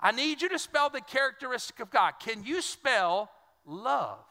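Brief: calm heavenly gatekeeper, man voicing, matter-of-fact, high and bright. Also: normal speed, long reverb tail, exaggerated voice. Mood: patient.

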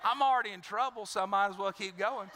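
Animated pastor, bright and high. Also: male voice, quick pace, a little hiss or hum. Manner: animated, acts out voices in his stories. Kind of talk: sermon with personal storytelling. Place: large church hall. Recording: reverberant church sanctuary.

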